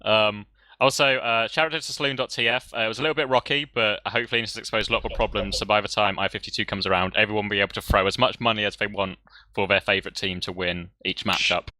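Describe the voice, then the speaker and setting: A man with a low, very bright and forceful voice, recorded dry and close. He laughs often and rambles through thank-yous on a casual stream wrap-up. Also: fairly even intonation, fast, dry recording. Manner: giggly, rambling shout-outs. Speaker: tournament caster.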